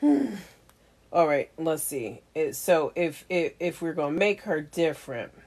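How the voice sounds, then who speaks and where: A woman's voice: low voice, expressive, slow, darkish tone. A woman content creator chatting casually to camera, giggly and self-mocking. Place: home setup with ring light.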